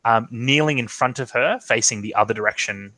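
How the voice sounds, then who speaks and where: A man's voice: mid-range voice, brisk, sharp tone, no room sound, poor audio. A man running a tabletop role-playing game over an online call, narrating the scene in a hesitant way full of ums and restarts. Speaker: game master. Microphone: online video call.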